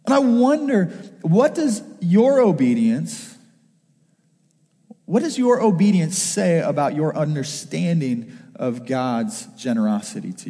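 High-voiced pastor in an echoey hall. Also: male voice. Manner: storytelling with lively acted-out quotes. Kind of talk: sermon. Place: church.

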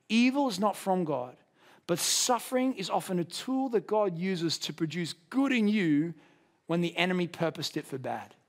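A man preaching a sermon, building with passion toward emphatic peaks and dropping low for quiet moments. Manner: impassioned, rising to a near shout at climaxes. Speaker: pastor.

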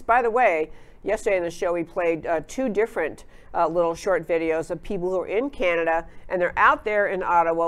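A woman hosting a political talk show, giving opinionated commentary in an emphatic way, with frequent fillers and restarts. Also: fairly low pitch.

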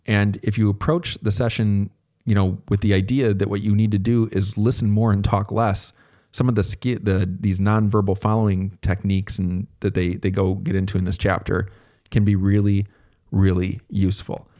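A man giving a relaxed, conversational recorded lecture as a therapy instructor, thinking aloud as he explains. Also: fairly low pitch, moderate pace.

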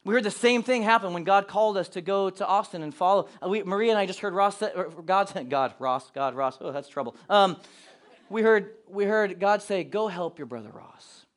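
Pastor, male, high-pitched, animated sermon delivery with acted-out asides. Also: brisk.

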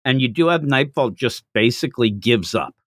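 A man hosting a podcast, casually recapping a manga chapter in a jokey, animated way. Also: mid-range voice, dry recording, studio quality. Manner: animated, jokey retelling with quick acted quotes. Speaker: podcast host.

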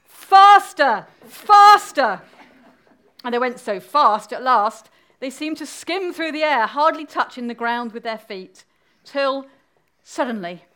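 A woman's voice: fairly high pitch, bright, forceful tone. A woman speaking at a church service, telling a story in a friendly way and inviting the audience to join in.

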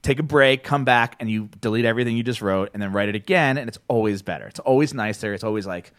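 A man's voice: on the low side, fast, no room sound, studio quality. A man from New Jersey hosting a podcast, talking casually with lots of swearing and restarts. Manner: rambling, profane, animated, with many restarts. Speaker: podcast host. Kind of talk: casual chat.

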